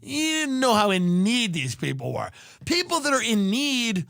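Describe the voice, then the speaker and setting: High-pitched guy ranting on his podcast, swearing a lot, voice bouncing all over, super dry sound. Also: sing-song, moderate pace, gravelly, fairly bright tone, no room sound. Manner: profane, sarcastic, exaggerated. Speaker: podcast host. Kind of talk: comedic rant.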